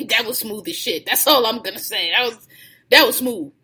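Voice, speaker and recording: A woman's voice: fairly high pitch, moderate pace, slightly rough. A woman telling a story in casual chat, laughing and acting out what people said. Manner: animated, laughing, acts out quoted lines.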